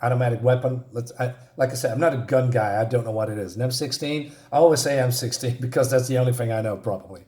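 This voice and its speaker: A man's voice: medium pitch, fast talker, hardly any pauses, dark tone. Hesitant man casually reviewing a comic. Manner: hesitant, many fillers and restarts; enthusiastic about the art and pace.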